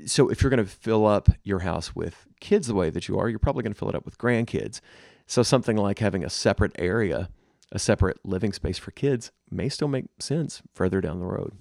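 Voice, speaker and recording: A man's voice: fairly low pitch, animated, a little fast, gravelly, darkish tone, no echo, studio quality. A middle-aged man co-hosting a casual podcast chat, talking straight to listeners with practical home advice. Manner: conversational, advice-giving, addresses listeners directly. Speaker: podcast co-host.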